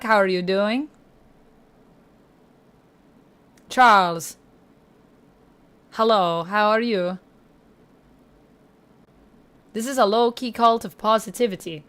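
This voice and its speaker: A woman's voice: medium pitch, clear, resonant tone. Woman chatting in a hammy mock Italian accent. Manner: chatty, thanks viewers warmly by name. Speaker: livestream host. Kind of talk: gaming livestream chat, reading viewer comments.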